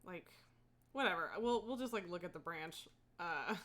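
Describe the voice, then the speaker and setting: A woman's voice: fairly low pitch, animated, moderate pace, a bit bright. A woman livestreaming a game, chatting casually from home in a rambling way, full of fillers and frequent laughs. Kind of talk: casual gameplay chat.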